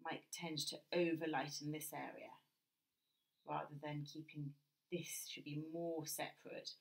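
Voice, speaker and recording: Low-voiced British woman teaching drawing. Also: steady tone, a little slow, creaky. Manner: gentle, thinking aloud while drawing. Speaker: art teacher. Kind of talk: drawing lesson while working.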